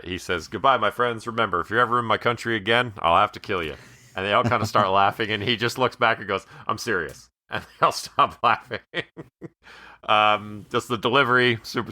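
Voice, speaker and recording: A man chatting about a film on a podcast in a relaxed way, pausing with fillers. His voice is very deep but bright and forceful. It is recorded dry and close to the mic. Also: clear, resonant tone, dry recording. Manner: relaxed, with filler pauses and short agreeing replies. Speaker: podcast co-host. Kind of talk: casual movie-review chat.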